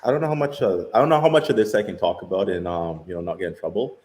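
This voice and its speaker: A man with a very low, deep voice talks loosely on a live crypto panel. He takes his time, trails off with fillers, and hedges his points. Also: very fast, a little mellow, a little hiss or hum. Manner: laid-back, hesitant, with many fillers. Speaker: round table panelist. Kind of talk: casual live-stream discussion.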